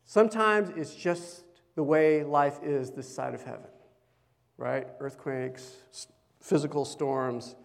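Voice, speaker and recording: A man with a high voice preaching at an unhurried pace. His sermon is chatty and full of questions to the congregation. The sound has the long reverb of a large hall. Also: creaky. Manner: conversational, asks the congregation questions. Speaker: pastor.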